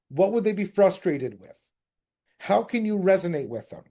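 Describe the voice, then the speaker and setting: Casting: energetic man, mid-high voice with a dark, mellow tone, leading a sales coaching session. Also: moderate pace. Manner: direct, energetic, addresses group as guys. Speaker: real estate sales coach.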